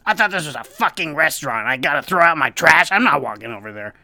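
A man's voice: a little high, lively intonation, fast talker, bright, forceful tone, no echo, heavily acted. Man playing a pushy woman diner: rude, demanding, rambles on.

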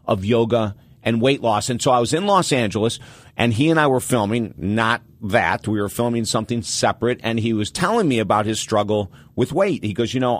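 A man hosting a call-in advice show, talking in an animated, storytelling way and stressing his points through repetition. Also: on the low side, dry recording.

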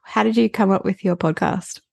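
A woman's voice: mid-range voice, a little fast, gravelly, darkish tone, slightly rough, no room sound. A woman hosting a podcast, chatty and giggling often between points. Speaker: podcast host. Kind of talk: casual podcast chat.

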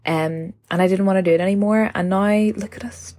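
A woman's voice: mid-range voice, fairly even intonation, brisk, few pauses, warm tone. A twenty-five-year-old woman hosting her own podcast, talking casually and rambling with lots of "like" and self-corrections, recorded on her phone. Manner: chatty, rambling, heavy use of "like", self-correcting. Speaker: podcast host. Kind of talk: casual solo podcast chat.

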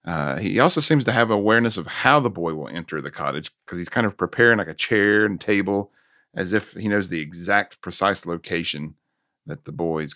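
Podcast host, man, very low and gravelly, laid-back plot recap, dry sound. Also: dry recording. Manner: relaxed recapping with fillers and laughs. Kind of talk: casual film recap.

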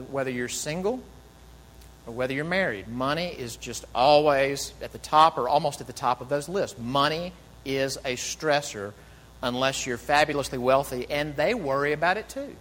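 A man preaching a sermon in an animated way, acting out quoted speakers and dropping to soft, low tones. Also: moderate pace, big-room sound, a little hiss or hum, low-quality recording. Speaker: pastor.

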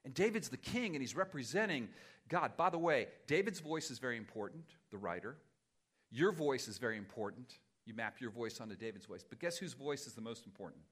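A man preaching a conversational, animated sermon as pastor, sometimes poking fun at himself. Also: medium pitch, fairly quick, husky. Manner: conversational, animated, self-deprecating.

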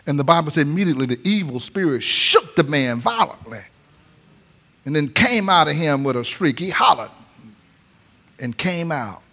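Man, pastor, sermon, high voice, sing-song preaching bursts. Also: a bit bright.

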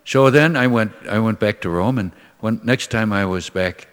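Older priest preaching in a reverberant hall. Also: male voice, lowish voice, normal speed, smooth. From Minnesota, USA. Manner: conversational and folksy, acts out voices in anecdotes. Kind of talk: sermon with storytelling.

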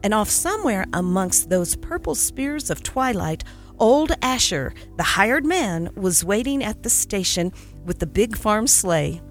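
A woman narrating a classic holiday story in an expressive, storytelling reading. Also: mid-range voice, measured pace, soft background music.

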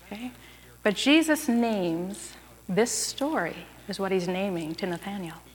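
A woman's voice: medium pitch, measured pace. Woman preaching a conversational sermon. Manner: conversational, asks the listeners questions. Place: church sanctuary. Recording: long reverb of a large room.

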